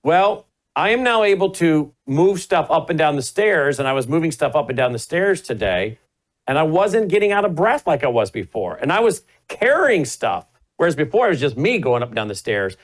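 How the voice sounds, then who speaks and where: Male talk show host, slightly high voice, rambling, self-mocking storyteller. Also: very animated, moderate pace. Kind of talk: casual chat.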